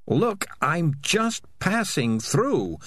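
A man's voice: mid-range voice, wildly swooping pitch, moderate pace, fairly bright tone, husky, no echo, exaggerated voice. A man voicing a sly, self-serving talking male cat with a chatty, shifty manner, in a storybook reading. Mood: pleading.

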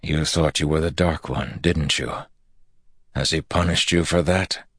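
A man's voice: rumbling low, fairly even intonation, a little slow, a bit bright, no room sound, clean studio sound, heavily acted. A man voicing a grim, battle-worn swordsman.

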